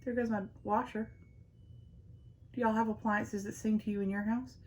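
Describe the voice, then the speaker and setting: A woman's voice: mid-range voice, flat delivery, moderate pace, a little mellow, husky. A young woman chatting playfully through a makeup tutorial as a beauty vlogger. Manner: playful, self-teasing, talks to viewers as y'all.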